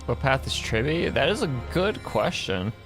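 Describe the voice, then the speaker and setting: A man's voice: mid-range voice, big pitch swings, normal speed, music in the background. A male streamer in casual live game commentary who chats, muses aloud and repeats words while he works them out.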